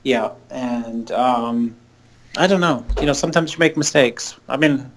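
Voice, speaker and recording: A man's voice: mid-range voice, unhurried. A middle-aged man co-hosting a casual talk show, speaking hesitantly with repeated words and dry humor. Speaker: podcast co-host. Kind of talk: casual chat.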